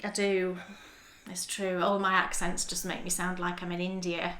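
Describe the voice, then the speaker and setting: A woman's voice: fairly low pitch, little pitch movement, normal speed, pushed and bright, roomy sound. A woman, co-hosting a knitting podcast in easygoing chat, showing off yarn and often restarting her sentences. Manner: chatty, restarts often, shows items to camera. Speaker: podcast co-host.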